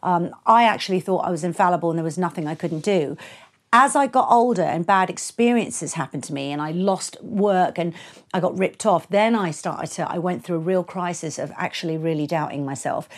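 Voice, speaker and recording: A woman's voice: on the low side, brisk. A middle-aged woman DJ being interviewed, telling stories frankly and animatedly, swearing freely and acting out the voices of people in her stories. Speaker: guest DJ and producer. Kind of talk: casual storytelling interview.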